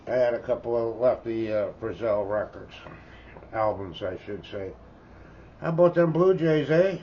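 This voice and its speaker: In a dull, lo-fi recording with faint noise behind him, a man in his seventies with a Canadian accent shows off records in a relaxed chat. His voice is on the low side and moderately paced, and he rambles folksily, ending remarks with "eh?".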